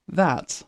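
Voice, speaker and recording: Originally from northern England, this streamer speaks with a softened northern accent, chatting casually with viewers as they react to videos, laughing often and musing out loud.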